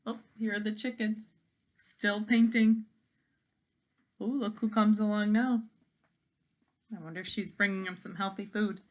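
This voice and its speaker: A woman teacher reading a picture book aloud to children, pausing to make predictions and ask questions. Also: medium pitch, steady tone.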